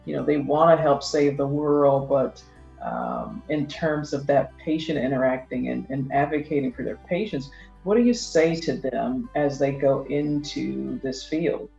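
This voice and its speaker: A podcast host speaks at a middle pitch and asks questions thoughtfully, pausing often and filling gaps with fillers. The voice sounds roomy and a little muffled, like a lo-fi home recording. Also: lively intonation, vocal fry, a little mellow, faint music behind. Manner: thoughtful, halting, many fillers. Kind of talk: podcast interview.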